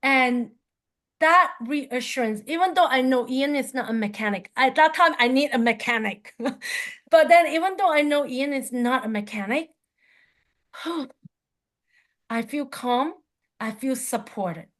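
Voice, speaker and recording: High-voiced woman telling a story. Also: measured pace, pauses often. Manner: animated storyteller, drops to a soft calm tone when describing calming down. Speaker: qigong and tapping teacher. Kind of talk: personal storytelling talk.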